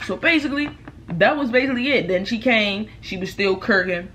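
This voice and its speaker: A young woman vlogger, telling a storytime in casual, profane talk, loudly acting out what people said. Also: mid-range voice, a little fast, a little hiss or hum. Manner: animated, profane, acts out quotes loudly. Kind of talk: casual storytime while eating.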